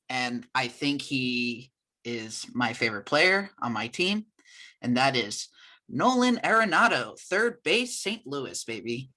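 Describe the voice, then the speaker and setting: A man co-hosting a casual sports podcast, relaxed and wry. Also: mid-range voice. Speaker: podcast co-host.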